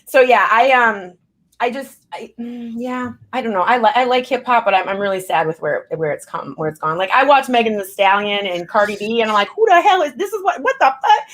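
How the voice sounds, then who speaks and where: A woman's voice: medium pitch, brisk, fairly bright tone. A woman in her thirties chatting as a guest rapper, telling stories animatedly, acting out quotes and swearing freely. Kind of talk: casual chat.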